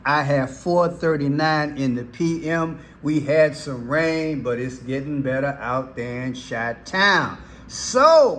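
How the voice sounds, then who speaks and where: Speaking slowly and drawing out his words, a YouTube host gives folksy, emphatic political commentary in a casual style. His medium-pitched voice sounds a bit bright.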